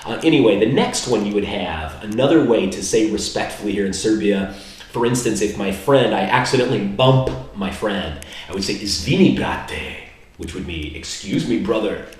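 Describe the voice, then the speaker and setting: Low-voiced man teaching simple phrases in a relaxed ramble, recorded from across an echoey room. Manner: relaxed, rambling, slows down to spell out foreign words. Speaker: language learner teaching basic phrases. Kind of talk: casual vlog lesson. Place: indoor room in Serbia. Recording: very echoey room, mic far off.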